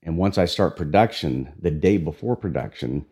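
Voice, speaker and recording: Deep raspy-voiced man, very low. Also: normal speed. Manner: relaxed, talkative, with restarts. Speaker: audiobook narrator. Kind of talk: conversational interview.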